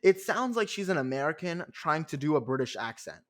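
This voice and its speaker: A man's voice: fairly high pitch, big pitch swings, a little fast, fairly bright tone. A young man hosting a podcast who recaps a reality show alone in a chatty, sarcastic way, full of fillers. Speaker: podcast host. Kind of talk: casual solo recap.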